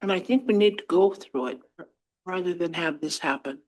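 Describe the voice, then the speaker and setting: A woman's voice: lowish voice, moderate pace, darkish tone, rough recording. A woman on a council, speaking firmly through a mouth brace that slurs her words and insisting on proper process. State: talking around a mouth brace, slightly slurred. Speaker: council member. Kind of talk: meeting discussion.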